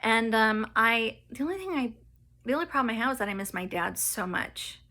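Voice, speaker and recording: A woman's voice: a little high, lively intonation, brisk, sharp tone. A woman telling her personal story in a vlog, hesitant, with many fillers and restarts, near tears and laughing nervously at painful moments.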